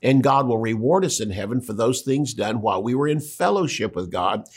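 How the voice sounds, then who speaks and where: A man's voice: medium pitch, lively intonation, brisk, husky. A man pastor teaching through scripture in a plain, explanatory sermon voice, reading verses aloud.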